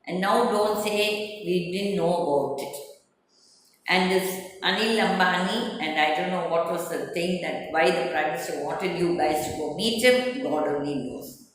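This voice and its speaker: A woman's voice: lowish voice, unhurried, slight background noise. Woman, indignant political commentator; echoey hall recording. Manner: indignant, rising and falling emphasis. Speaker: advocate and party spokesperson. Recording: echoey hall with faint ambience.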